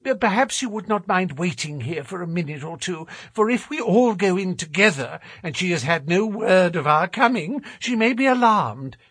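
A man reading aloud, voicing a nervous, excitable gentleman in a high, hurried, anxious way. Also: breathy edge, dry recording, studio quality, exaggerated voice. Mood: fussy. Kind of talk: audiobook character reading.

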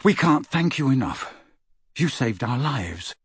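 An earnest, polite teenage wizard boy, speaking quietly with a slightly husky tone, as a man reads him. A storybook reading with a close, dry sound. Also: mid-range voice, very animated, unhurried, dry recording, full character voice. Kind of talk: audiobook character reading.

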